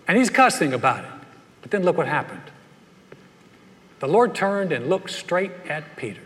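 A North Carolina pastor preaches a sermon in a high-pitched, fairly bright voice that swings widely in pitch at a moderate pace. He tells folksy stories and acts out the voices of the people in them, with the long reverb of a large hall around him.

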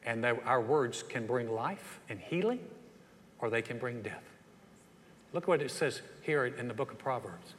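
A man with a Southern US accent preaching a sermon in a folksy, animated way, often asking the congregation questions. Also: mid-range voice, unhurried, in a large hall, a little hiss or hum. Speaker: pastor.

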